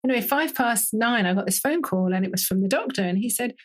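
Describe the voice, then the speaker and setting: A woman's voice: fairly high pitch, quick pace. British woman, 50s, candid, chatty guest who laughs easily. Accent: British English. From Britain. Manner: lively, laughs often, tells stories with quoted speech. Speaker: doctor being interviewed. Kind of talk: candid conversational storytelling.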